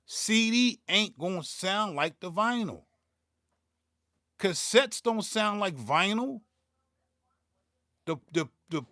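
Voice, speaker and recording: In a clean studio recording with no echo, a man with a high, pushed, bright voice hosts his own beatmaking channel. He delivers a profane, heated livestream rant, stumbling over and repeating words as he gets more worked up.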